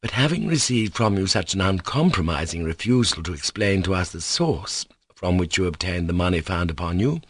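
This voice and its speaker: A man reading a polite, fussy investigating official who speaks in a mild, apologetic, measured way. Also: deep voice, lively intonation, dry recording. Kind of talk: audiobook character reading.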